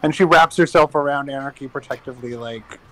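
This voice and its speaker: A man's voice: mid-range voice, brisk, a bit bright, dry recording, poor audio. A man playing a tabletop game who describes his character casually, with plenty of 'like'. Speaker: player. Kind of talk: tabletop role-play chat.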